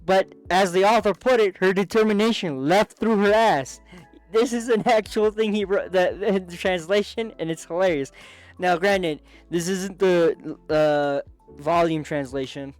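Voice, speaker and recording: A man giving a casual, excitable recap of a manga, chatty and full of restarts and asides. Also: high voice, unhurried, soft background music. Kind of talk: casual commentary.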